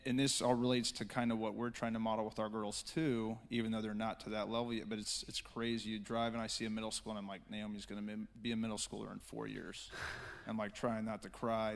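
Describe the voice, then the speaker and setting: A man's voice: mid-range voice, fairly bright tone. Guy, 30s, church panel talk, rambly and earnest, lots of restarts. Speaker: church speaker.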